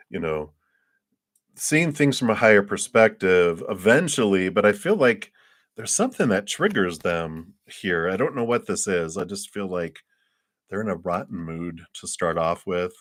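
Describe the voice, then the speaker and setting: A man's voice: deep voice, a bit bright. A man giving tarot readings on a live stream, chatty and thinking aloud, laughing often between thoughts. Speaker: tarot reader.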